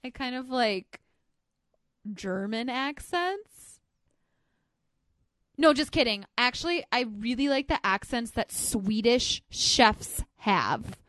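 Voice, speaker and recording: Slow-talking woman with a bright voice. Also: on the high side, lively intonation, no echo, studio quality. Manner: slow, hesitant, laughs often. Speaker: podcast co-host. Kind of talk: casual podcast chat.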